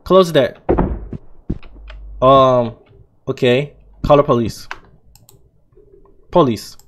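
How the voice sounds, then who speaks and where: A young man, playing a horror game and talking his viewers through it, switching between low muttering and loud frightened shouts. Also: very slow. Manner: swings from low mumbling to loud panicked shouts, reads on-screen text aloud. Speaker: gaming channel host. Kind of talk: horror game let's play commentary.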